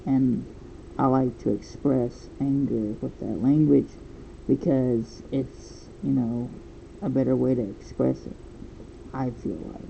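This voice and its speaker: A man's voice: medium pitch, fairly even intonation, slow, vocal fry, muffled recording, a little hiss or hum. A man in his twenties chatting casually and rambling while he draws a comic. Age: 20s. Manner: rambling, thinking aloud. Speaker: comic artist. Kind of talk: casual chat while drawing.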